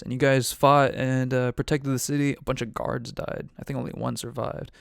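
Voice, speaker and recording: A man's voice: medium pitch, level tone, fairly quick, vocal fry, hardly any pauses, smooth, no echo, studio quality. A man acting as game master, giving a rambling, profane, offhand recap of a tabletop game.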